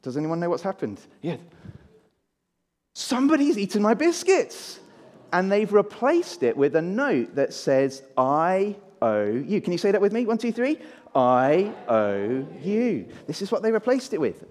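A man's voice: high voice, big pitch swings, normal speed, darkish tone. A man giving a children's talk in a church service, drawing the congregation in and having them repeat words with him. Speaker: preacher. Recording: long church reverb.

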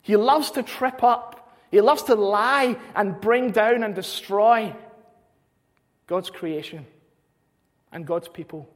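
A man's voice: high-pitched, slow pace, pauses often. A man preaching a sermon, earnest, repeating phrases for emphasis. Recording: long hall reverb.

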